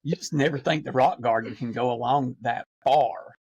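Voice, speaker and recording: A man's voice: mid-range voice, moderate pace, a little mellow, husky, highs cut off. A man, a podcast guest, telling stories in a rambling casual way, with many fillers and restarts. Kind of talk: casual storytelling.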